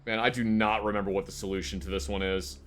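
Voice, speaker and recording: A man's voice: on the low side, little pitch movement, fast talker, faint music behind. A man streaming a horror game live, chatting casually and muttering to himself as he plays, now and then humming little choo-choo noises. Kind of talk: casual live gameplay commentary.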